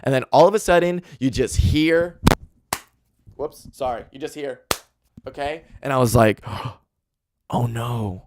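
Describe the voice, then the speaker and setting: A young man hosting a podcast, telling a long profane story in a rambling, animated way full of "like". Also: medium pitch, normal speed, pauses often, a little hiss or hum. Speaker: podcast host. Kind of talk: casual storytelling. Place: home room.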